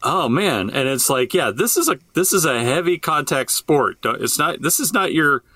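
A man co-hosting a political podcast in casual chat, expressive and quick to back up his partner. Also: fairly high pitch, dry recording. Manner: expressive, backs up co-host with quick agreement. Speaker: podcast co-host.

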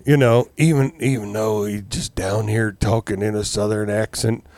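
Smooth-voiced man in casual chat. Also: on the low side, normal speed. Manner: swearing, animated storyteller acting out reactions.

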